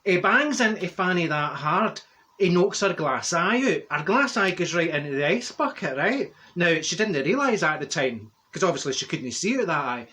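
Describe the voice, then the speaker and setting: A man's voice: high-pitched, lively intonation, moderate pace, pushed and bright. A man playing a chatty older woman from Glasgow with a Glaswegian Scottish accent, telling a rambling comic story and laughing at his own jokes. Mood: gossipy. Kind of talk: comic character monologue.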